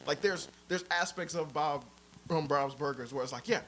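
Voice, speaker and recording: A man's voice: on the high side, moderate pace, a bit bright, a little hiss or hum. Giggly young man retelling cartoons. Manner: laughs often while retelling cartoon scenes, acts out quotes. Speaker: podcast co-host. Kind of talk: casual podcast chat.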